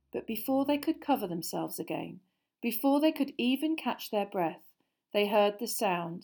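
Woman narrating an audiobook, hushed. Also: medium pitch, a little slow. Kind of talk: scripted narration.

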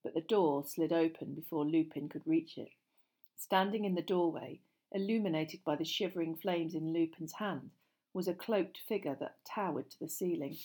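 A woman narrating a storybook aloud in an expressive, dramatic style. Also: sits low, normal speed. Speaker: audiobook narrator. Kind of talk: scripted narration.

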